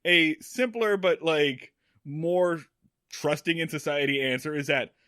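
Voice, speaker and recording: A man co-hosting a podcast in casual chat, animated, swearing freely and laughing as he talks. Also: on the high side, measured pace, no room sound, clean studio sound. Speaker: podcast co-host.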